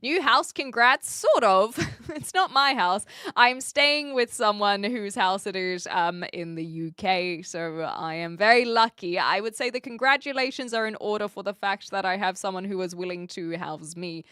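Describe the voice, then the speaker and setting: A woman's voice: mid-range voice, moderate pace, sharp tone, clear, resonant tone, dry recording, clean studio sound. A woman from New Zealand chatting casually on a live stream, answering viewers in a playful, self-deprecating way.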